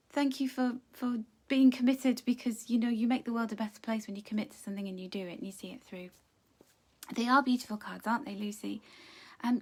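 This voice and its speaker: Gentle middle-aged woman reading angel cards live, chatty n encouraging, a bit higher voice. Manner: gentle, encouraging, chatty, greets viewers by name. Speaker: angel card reader. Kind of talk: live pick-a-card reading.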